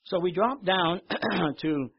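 An older man preaching a sermon, telling stories with lively repetition and reading scripture aloud. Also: high-pitched, takes it slowly, highs cut off, a little hiss or hum. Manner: storytelling, animated in anecdotes, repeats words. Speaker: pastor.

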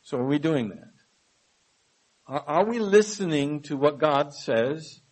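A man preaching a sermon. He reads scripture verses aloud with emphasis and then explains them in a measured way. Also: fairly high pitch, lively intonation, breathy edge, rough recording. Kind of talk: sermon, Bible study reading.

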